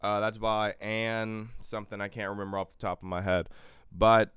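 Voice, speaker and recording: A man speaks on the low side with a flat delivery at a moderate pace, his tone fairly bright, clear and resonant in a dry, studio-quality recording. As a livestream podcast host on a fiery political tirade, he curses, yells into his mic, and repeats phrases to drive points home.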